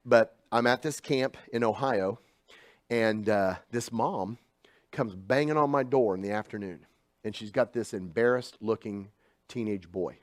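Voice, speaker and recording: Male preacher, middle-aged, chatty storytelling sermon with big swings in loudness, dry recording. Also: lowish voice, unhurried, dry recording. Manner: swings from hushed asides to loud emphatic bursts.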